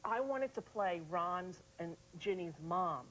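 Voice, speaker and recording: A woman's voice: on the low side, lively intonation, slow, a bit bright, slight background noise, low-quality recording. A woman hosting a TV talk show interview in a studio, chatty and playfully teasing.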